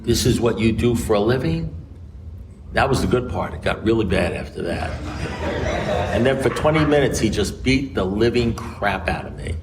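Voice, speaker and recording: At a recovery meeting, an American man tells a story at a normal pace, animatedly playing both sides of a conversation with big pitch swings. The meeting room recording is noisy.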